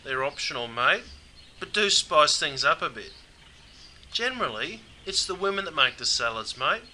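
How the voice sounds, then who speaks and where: A man's voice: a little high, big pitch swings, normal speed, sharp tone, slight background noise. A man with an Australian accent, presenting a scripted comedic explainer in a dry, matey way. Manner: dry, matey, says mate constantly.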